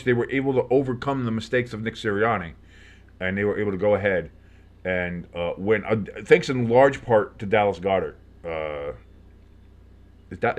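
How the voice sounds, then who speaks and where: A man calling football play-by-play with casual reactions, rambling through many fillers and rising sharply on big plays. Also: fairly low pitch. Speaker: sports fan commentator.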